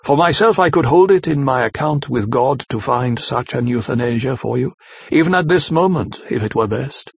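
A man voicing a solemn, fatherly elderly professor who speaks slowly and gravely. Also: a little high, lively intonation, no room sound, pitched above the performer's own voice, full character voice. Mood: solemn pleading. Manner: slow, grave, pleading delivery. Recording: slightly dull lo-fi recording.

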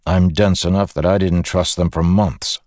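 A man voicing a calm, earnest warlord. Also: sits low, moderate pace, no echo, clean studio sound, natural voice.

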